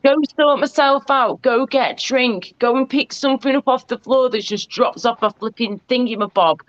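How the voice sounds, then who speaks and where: A woman's voice: fairly high pitch, normal speed, dry recording. A woman chatting as a panel guest over a video call, cooing and self-deprecating, calling people darling. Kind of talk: casual chat. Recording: dull lo-fi call audio.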